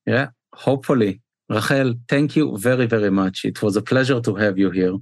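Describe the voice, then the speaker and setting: A man's voice: lowish voice, normal speed, dry recording, studio quality. A man with an Israeli accent hosting a podcast, chatting with a guest and then reading an earnest sign-off. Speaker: podcast host. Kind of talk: podcast interview and outro.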